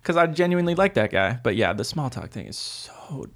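A young man in casual chat as a podcast co-host, relaxed and swearing freely, often acting out quoted voices. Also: medium pitch, a little fast.

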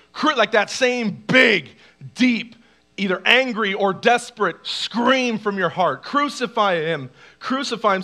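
High, bright-voiced man preaching a sermon. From Canada. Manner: animated preaching, acts out cries and shouts. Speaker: pastor.

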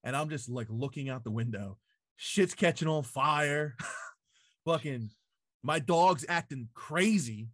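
A man's voice: a little high, slow pace, fairly bright tone, no room sound, clean studio sound. A man in casual chat, telling a story full of swearing and "like" fillers, recorded in a home basement.

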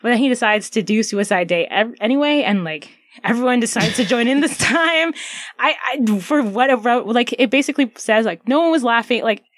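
A woman's voice: fairly high pitch, fairly quick. A woman co-hosting a podcast, recapping a novel in an easygoing, filler-heavy way. She laughs now and then. Her voice sounds dry and close, with no room echo. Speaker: podcast co-host. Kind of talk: casual book discussion.

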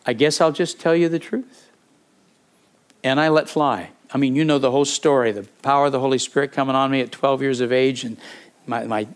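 An older man preaching, telling a personal story conversationally, with frequent restarts and acted-out moments. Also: medium pitch. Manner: conversational, with repeated words and fillers; animated, acting out the people in his stories. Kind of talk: sermon storytelling.

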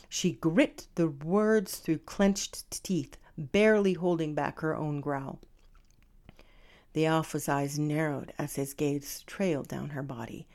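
Slow, soft-spoken woman reading a romance. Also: low voice. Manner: soft, slow, formal reading; loose and chatty after. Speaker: romance author and reader. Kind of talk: audiobook reading, then casual chat to listeners.

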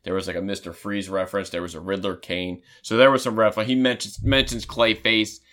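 A man co-hosting a casual chat, rambling and restarting often as an excited fan. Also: lowish voice, fairly quick. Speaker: podcast co-host.

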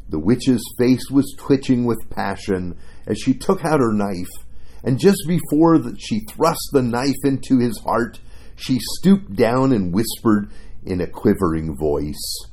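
A male preacher giving a devotional sermon with earnest, expressive storytelling. His voice is low, mellow and a little husky. He speaks slowly, with wide, lively rises and falls in pitch.

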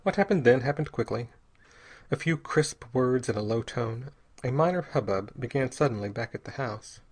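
A man narrating an audiobook chapter in a steady, even reading voice. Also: mid-range voice, moderate pace, breathy edge. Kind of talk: scripted narration.

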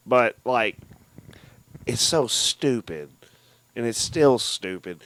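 Speaking slowly in a mid-range voice, this co-host of a casual movie podcast swears without restraint. He's lively, acting out film scenes by mimicking characters in mocking tones.

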